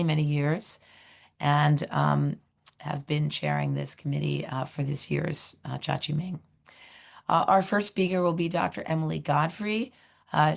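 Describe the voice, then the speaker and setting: A middle-aged woman with a hoarse voice, hosting a webinar and introducing speakers, halting with many fillers. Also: low-pitched. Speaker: seminar host, director of education.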